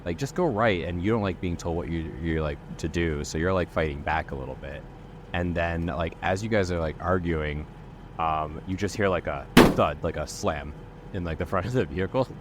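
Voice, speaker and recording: A man's voice: low-pitched, moderate pace, heavy background noise. A man running an improvised tabletop role-play as game master, telling the story loosely with lots of fillers.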